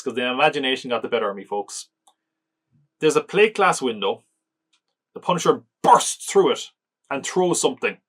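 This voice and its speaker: A man's voice: mid-range voice, a bit bright. A man hosting a podcast, casually reviewing a film in a loose, joking way with lots of filler words and chuckles. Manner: chatty, lots of "like", chuckles often, mocking. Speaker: podcast host reviewing films.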